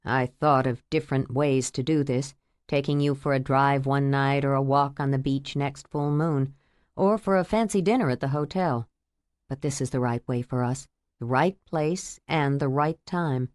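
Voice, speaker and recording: A woman voicing an earnest, tender man in love who speaks quietly and steadily, in a romance audiobook. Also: normal speed, no room sound, clean studio sound. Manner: quiet, steady, low-voiced. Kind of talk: audiobook character voice.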